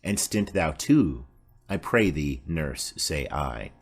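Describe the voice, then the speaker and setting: A man's voice: rumbling low, lively intonation, slow, slightly rough, pitched below the performer's own voice, heavily acted. A man voicing a polite, demure teenage girl in an audiobook play reading.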